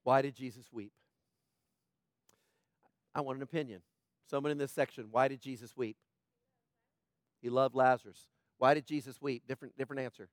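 A man preaching a sermon to a congregation, asking rhetorical questions and moving between hushed, quiet passages and loud, fervent ones. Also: mid-range voice, steady tone, moderate pace, pauses often, dry recording, clean studio sound. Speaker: pastor.

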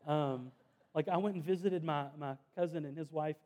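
Mellow-voiced pastor preaching. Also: male voice, a little high, normal speed. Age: 30s. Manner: earnest conversational preaching with self-deprecating asides. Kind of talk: sermon.

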